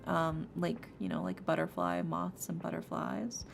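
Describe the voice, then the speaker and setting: A woman's voice: lowish voice, sing-song, unhurried, gravelly, a little hiss or hum. A woman streamer chatting casually and joking with her viewers before a tarot reading. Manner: joking, self-mocking, laughs often. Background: soft lo-fi music.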